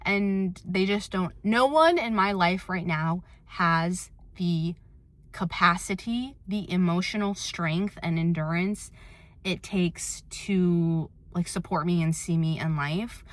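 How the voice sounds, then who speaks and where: A woman's voice: fairly low pitch, slow, dry recording. A young woman vlogging in a candid, reflective way, with many filler words. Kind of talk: personal confessional vlog.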